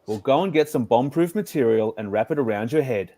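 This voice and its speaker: A man's voice: medium pitch, animated, fairly quick, warm tone. A man voicing a cheeky, joking male pillow lion in a storybook reading. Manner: playful, joking.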